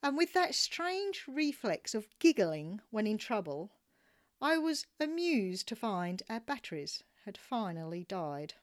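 Woman reading her sailing travel story, slow and wry, lots of expression. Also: medium pitch, big pitch swings. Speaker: narrator. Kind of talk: reading a travel memoir aloud.

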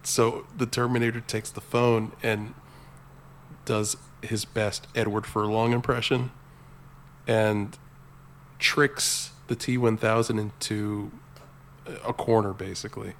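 A man's voice: lowish voice, little pitch movement, slow pace, a bit bright, a little hiss or hum. A man co-hosting a podcast, casually retelling movie scenes with a loose, profane storytelling manner. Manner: laid-back, profane, storytelling recaps.

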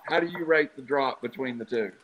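A man's voice: mid-range voice, a little fast, highs cut off, a little hiss or hum. A man hosting a sports discussion, posing questions to his panel with light teasing. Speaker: sports podcast host. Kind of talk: casual sports talk.

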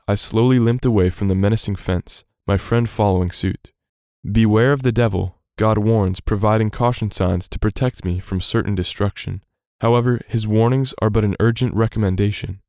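A man's voice: fairly low pitch, dark tone, dry recording, studio quality. A young man reading a scripted devotional story in an earnest storytelling manner. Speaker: student devotional reader.

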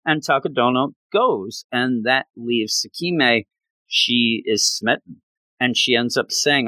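A man casually and excitedly recapping a story chapter by chapter, chatty and gushing. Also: medium pitch, takes it slowly, no echo. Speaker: manga reviewer.

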